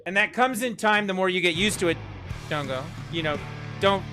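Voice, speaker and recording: A man's voice: high-pitched, normal speed, bright, forceful tone, faint music behind. A young man streaming a game and chatting casually to viewers, rambling with lots of fillers. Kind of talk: casual chat while gaming.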